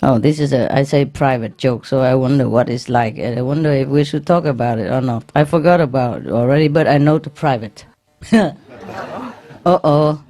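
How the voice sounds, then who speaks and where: A woman's voice: a bass voice, normal speed, dark tone. A woman, a spiritual teacher, telling jokes to a gathering, laughing often and repeating words as she goes.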